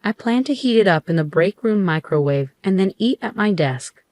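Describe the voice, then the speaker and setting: A middle-aged woman telling a first-person story in a steady, measured way. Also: medium pitch, dry recording. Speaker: narrator.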